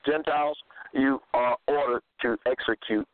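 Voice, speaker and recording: A man's voice: mid-range voice, steady tone, moderate pace, no echo. A man reading scripture verses aloud and then interpreting them, repeating key phrases for emphasis. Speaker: self-styled religious teacher. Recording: thin phone-like dry sound.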